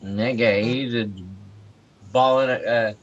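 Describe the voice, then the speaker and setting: Slow-talking man on muffled call audio. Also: mid-range voice, steady tone, a crowd in the background. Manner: slow, laughs often. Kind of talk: casual chat on a video call. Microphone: video call.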